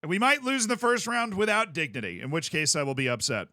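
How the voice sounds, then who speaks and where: A man's voice: a little high, fast, sharp tone, dry recording, clean studio sound. A man, chatting casually on a livestream, rambling and restarting his sentences. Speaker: streamer.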